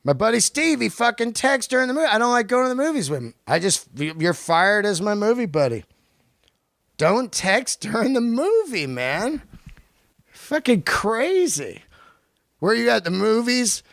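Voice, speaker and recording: A male podcast host delivering a profane, animated comedic rant on his own. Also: high voice, moderate pace, vocal fry, dry recording, clean studio sound. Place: lives in Los Angeles.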